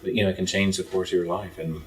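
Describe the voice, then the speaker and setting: A man's voice: low-pitched, little pitch movement, fast talker, distant mic, rough recording. A man from East Texas with a mostly neutral American accent, a podcast guest telling stories in an earnest, reflective way. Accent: neutral American, faint Texas trace. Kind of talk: casual conversation.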